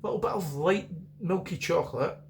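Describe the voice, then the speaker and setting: A man's voice: high-pitched, brisk, creaky. A middle-aged Scottish man chatting casually through a beer review, rambling and repeating himself.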